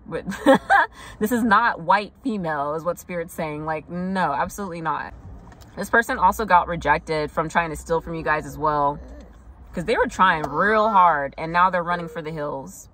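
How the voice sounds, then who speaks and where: A chatty young woman giving a tarot reading with a slightly low voice. She talks loosely and casually, full of fillers, quick asides and mock quotes of what others say. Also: bright, forceful tone, slight background noise. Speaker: tarot reader.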